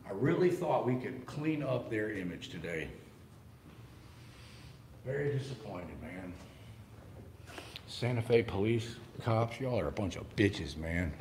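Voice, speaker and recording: A man's voice: lowish voice, expressive, unhurried, pauses often, a little mellow. A man hosting a vlog, mocking and goading the police in a sarcastic tone. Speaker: video host confronting police. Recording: echoey, from afar with faint noise.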